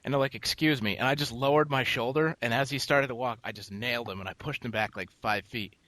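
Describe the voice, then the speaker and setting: A man co-hosting a casual podcast, telling animated, profane stories with loud outbursts. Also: mid-range voice, fast talker, no room sound. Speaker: podcast co-host.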